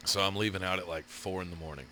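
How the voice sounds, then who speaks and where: A man, co-hosting a podcast and telling profane, animated stories. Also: deep voice, fast, slight background noise. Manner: profane, animated storyteller who acts out his own yelling. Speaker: podcast co-host. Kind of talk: casual storytelling chat.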